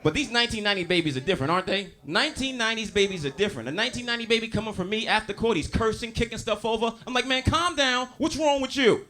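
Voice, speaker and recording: A male stand-up comedian in his thirties with a New York accent, doing loud, animated crowd work full of profanity. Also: sits high, rapid-fire, hardly any pauses. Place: comedy club stage. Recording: live room with audience. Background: audience laughter.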